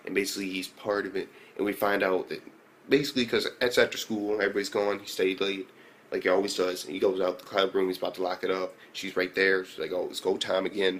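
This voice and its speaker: Profane, rambling low-voiced male reviewer. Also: slight background noise. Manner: profane, loose storytelling full of fillers; jumps to excited high-pitched reactions. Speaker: anime reviewer. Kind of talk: casual episode review.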